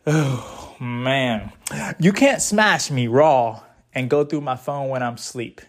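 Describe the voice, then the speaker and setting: A man's voice: medium pitch, takes it slowly. A young man hosting a casual advice monologue, talking in blunt, profane, laid-back slang.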